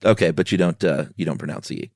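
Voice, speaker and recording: A man's voice: low voice, quick pace, dry recording, studio quality. A man co-hosting a podcast, retelling a history story in casual chat and acting out the quoted villagers. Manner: animated, acts out quoted townspeople. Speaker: podcast co-host.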